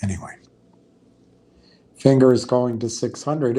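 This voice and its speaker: Slow, mellow-voiced man rambling. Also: fairly high pitch, lively intonation. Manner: halting, meandering, frequent restarts. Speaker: livestream host. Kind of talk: rambling casual livestream talk.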